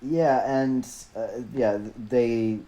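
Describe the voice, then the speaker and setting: A man's voice: medium pitch, very slow, warm tone, highs cut off. A man co-hosting a podcast, casually recapping a book with wry, profane humor. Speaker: podcast co-host.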